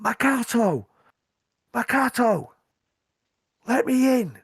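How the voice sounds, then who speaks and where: A man voicing an injured young male scout who arrives shouting a warning. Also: very high-pitched, sing-song, slow, husky, no room sound, clean studio sound, voice pushed up, full character voice. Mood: panicked.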